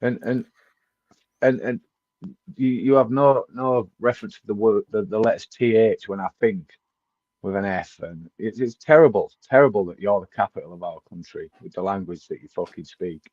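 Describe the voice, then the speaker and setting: A man with a lowish voice co-hosts a football podcast in a blunt, sweary, mock-ranting way. He comes through a dull, lo-fi remote mic. The sound is dry, with no room echo. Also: normal speed, a little mellow. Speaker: podcast co-host. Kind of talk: casual football podcast chat.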